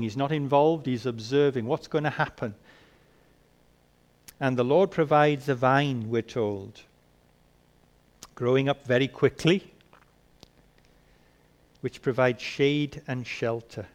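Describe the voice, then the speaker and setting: A man preaching a sermon, asking rhetorical questions and swinging between soft and emphatic delivery. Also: medium pitch, measured pace, pauses often.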